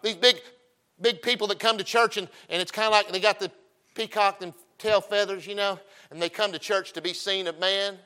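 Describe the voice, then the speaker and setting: A middle-aged man preaching in a folksy, joking way. His voice is bright and forceful, sitting a little high for a man. He swings from loud, punchy emphasis to quiet, storytelling asides. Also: steady tone, fairly quick. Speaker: pastor.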